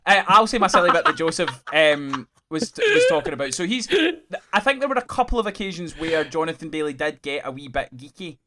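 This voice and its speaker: Excitable man, slightly high voice. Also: brisk. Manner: excitable, emphatic, swears freely. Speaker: podcast co-host. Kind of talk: casual chat.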